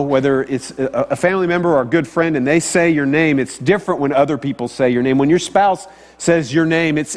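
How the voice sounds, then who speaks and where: A man preaching a sermon in a conversational way, often asking his listeners questions. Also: fairly high pitch. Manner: conversational, asks the audience questions. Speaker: pastor. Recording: long hall reverb, faint mains hum.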